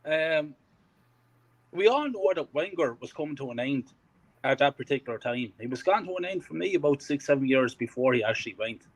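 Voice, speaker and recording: A man vents his frustration in casual chat, emotional and swearing. His voice is fairly high and very animated in pitch. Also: brisk, rough recording. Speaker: fan podcast co-host.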